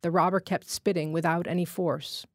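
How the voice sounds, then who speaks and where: A woman reading a literary short story aloud in a measured, steady way at a studio microphone. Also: on the low side, dry recording. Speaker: guest reader.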